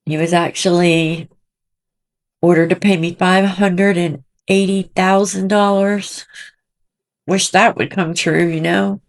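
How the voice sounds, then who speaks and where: A woman's voice: on the low side, steady tone, slow pace. A middle-aged woman hosting a commentary channel, talking in an emotional, indignant, rambling way from a small room at home.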